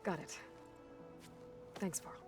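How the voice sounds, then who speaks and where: A woman's voice: takes it slowly, lightly acted. An actress playing a determined young woman hunter and leader in a video game, speaking in a direct, plain way. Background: game music.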